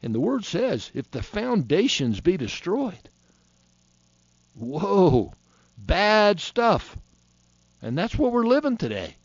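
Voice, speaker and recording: A preacher in his fifties delivers a heated, folksy sermon, his fairly high voice leaping and dropping with fervor. The recording is muffled and lo-fi, with no room echo. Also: huge pitch swings, slow pace, long pauses. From Florida. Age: 50s. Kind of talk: fiery sermon. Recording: dull, dry lo-fi recording.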